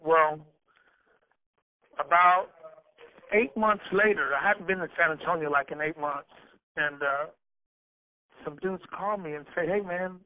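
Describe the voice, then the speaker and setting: A man with a fairly high voice tells stories in a loose, profane way, tripping over his words and restarting his sentences. The sound is dry and tinny, like a phone line. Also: a little slow, pauses often, no room sound. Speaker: rapper being interviewed. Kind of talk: casual storytelling interview.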